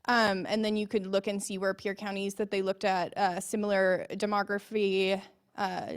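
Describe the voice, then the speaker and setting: A woman's voice: mid-range voice, flat delivery, moderate pace. A woman speaks up from the audience at a health board meeting in a meeting room. She explains informally and step by step, with casual fillers. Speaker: audience member. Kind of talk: answering a question at a meeting.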